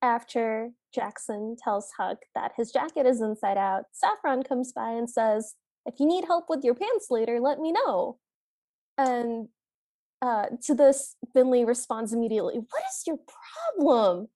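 A woman's voice: fairly high pitch, measured pace, dark tone, no echo, studio quality. A woman co-hosting a podcast, chatting casually about a movie and adding her own reactions and questions. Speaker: podcast co-host. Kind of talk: casual movie recap chat.

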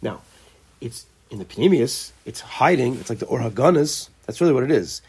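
A man's voice: medium pitch, expressive, moderate pace, a little mellow, slightly rough. A man leading an informal religious study group, thinking aloud, restarting phrases and mixing Hebrew terms into his English. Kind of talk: informal Torah class.

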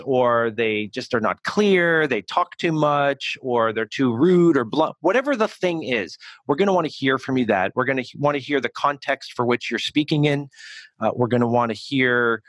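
A man working as an executive communication coach, answering interview questions in a lively, conversational way, often restarting his sentences. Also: medium pitch, no room sound. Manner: animated, self-correcting restarts.

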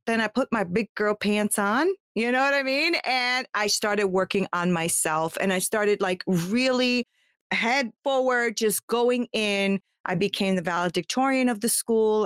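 A woman's voice: mid-range voice, dry recording, clean studio sound. A woman, a guest from the United States, telling her life story in a heartfelt, talkative way with many fillers and restarts. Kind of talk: candid personal storytelling.

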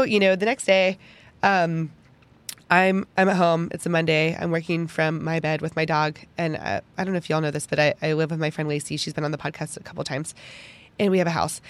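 A young woman hosting a podcast, telling a personal story in an animated, chatty way full of "like" fillers. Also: fairly low pitch, normal speed, no room sound. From Pittsburgh, United States. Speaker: podcast host.

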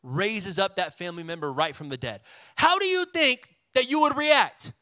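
A man with a Texan accent, a pastor preaching a sermon in a lively, casual way with call-and-response. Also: sits high, moderate pace, dry recording.

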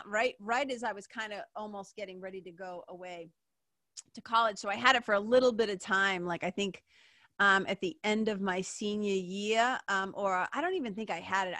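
A woman in her fifties from Massachusetts, rambles through a personal story on her podcast. Her voice is bright and forward. She leans on "like", swears freely and laughs, and the sound is dry and close. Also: mid-range voice, no echo. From Massachusetts, USA. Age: 50s. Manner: rambling, heavy "like" fillers, swears, laughs often. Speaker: podcast host.

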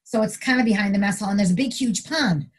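A middle-aged woman, a retired corrections officer, tells a story casually in an interview, speaking fast in a slightly rough voice. She's an animated storyteller, acting out quotes with big jumps in pitch.

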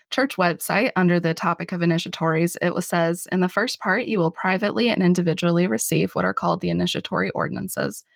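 Lady hosting a faith podcast, bit of vocal fry, laughs at herself a lot, dry sound. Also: on the low side, dry recording. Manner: chatty, self-deprecating, laughs often. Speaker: podcast host. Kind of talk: casual religious podcast chat.

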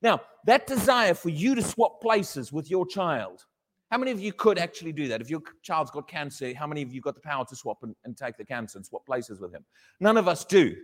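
Lively high-voiced male preacher in a hall. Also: fairly quick. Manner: animated, questioning the congregation, acting out dialogue. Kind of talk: sermon.

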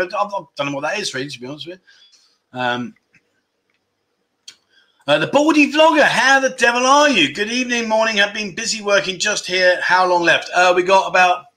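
Chatty, bright-voiced host. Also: male voice, on the high side. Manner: chatty, self-deprecating, rambling. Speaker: livestream chat show host. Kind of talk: casual livestream chat reading viewer comments.

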